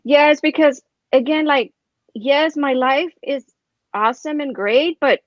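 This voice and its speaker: A fairly high-voiced woman talks through a long personal story, rambling and animated, her speech full of "like" and "right?". The sound is dry and a little muffled, as if over a video call. Her tone stays casual and conversational. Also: measured pace, dry recording. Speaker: guest.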